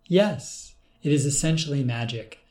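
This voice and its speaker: A man reading an audiobook, voicing a calm, commanding male clone of the narrator who speaks in an assured, cryptic way. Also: on the high side, measured pace, lightly acted.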